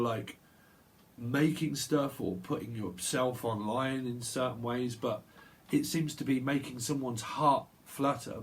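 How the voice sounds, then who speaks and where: A man giving a solo tarot reading, talking in a loose stream of consciousness, repeating sounds and laughing to himself. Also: mid-range voice. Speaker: tarot reader. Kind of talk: rambling intuitive tarot monologue. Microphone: solo video recording.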